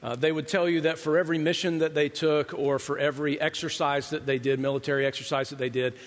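A man's voice: a little high, level tone, fast. A middle-aged man, the pastor, giving a sermon in a large church hall, telling conversational stories with self-deprecating humor. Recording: long reverb of a large hall.

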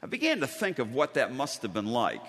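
A man delivers a sermon in a church sanctuary, his bright voice rising and falling with lively storytelling and dramatic pauses. A long reverb from the hall trails each phrase. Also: medium pitch. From Western New York. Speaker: pastor.

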